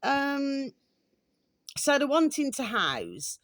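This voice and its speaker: An English vlogger rants casually to camera in a chatty, repetitive way, often calling her viewers pet names like "my delicious little babies." Her high voice swoops wildly in pitch, moves extremely slowly and sounds a bit bright, with no echo.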